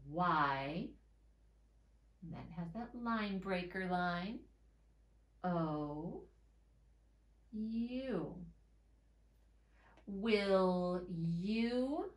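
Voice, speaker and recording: A woman's voice: fairly low pitch, animated, extremely slow, long pauses, echoey room. A woman teacher giving a reading and writing lesson to young children, sounding out letters and words one at a time.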